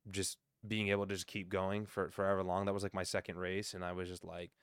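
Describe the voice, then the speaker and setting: A man in his thirties talks loosely and profanely, trading stories as a podcast guest. His voice sits low and comes across smooth and resonant. The sound is dry and close on a studio mic. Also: flat delivery, fast talker, no echo. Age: 30s. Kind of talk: casual chat.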